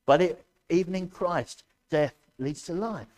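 A man's voice: a little high, measured pace. Man preaching a fiery sermon. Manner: impassioned, loud preaching with sudden shouts; addresses congregation directly, asks questions. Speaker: pastor. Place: church.

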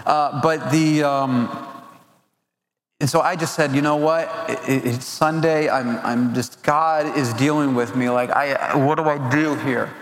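An earnest man preaches at a family camp, his voice sitting at a middle pitch. He often stumbles and repeats words as he searches for them. The sound is roomy, with a long hall reverb trailing behind him. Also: fairly even intonation, measured pace. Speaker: camp speaker. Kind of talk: sermon.

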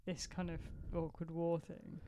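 A woman's voice: on the low side, monotone, measured pace, warm tone, slight background noise. A woman with a Northern English accent co-hosting a podcast, teasing in a dry, giggly way. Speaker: podcast co-host. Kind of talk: casual chat.

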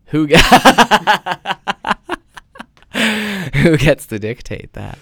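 A young man hosting a podcast in a casual chat, playful and teasing, quick to laugh. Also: high voice, very animated, gravelly, a bit bright, breathy edge, no room sound, studio quality. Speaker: podcast host.

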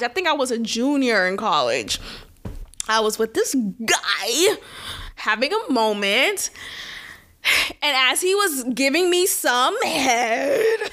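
Young woman, solo podcast host; high, lively, bright voice; indignant and quick to laugh. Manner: animated, indignant, laughs often.

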